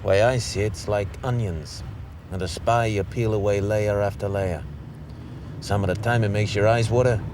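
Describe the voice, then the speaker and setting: An actor playing a world-weary American investigator with a dry, folksy way of talking. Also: male voice, on the low side, fairly even intonation, moderate pace, natural voice. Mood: wry. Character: wry American investigator, middle-aged man, world-weary. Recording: outdoor street traffic noise.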